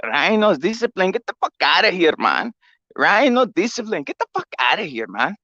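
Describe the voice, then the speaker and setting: A man's voice: high voice, big pitch swings, normal speed, bright, forceful tone, no room sound, dull audio, exaggerated voice. A man voicing an impression of a blunt, profane boxing champion who scolds fighters as lazy and undisciplined. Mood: scornful.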